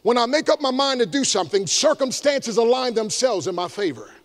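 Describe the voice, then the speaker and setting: A man, an evangelist giving an energetic motivational talk to a live audience, with shouted call-and-response. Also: very high-pitched, a little fast. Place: large room before a live audience.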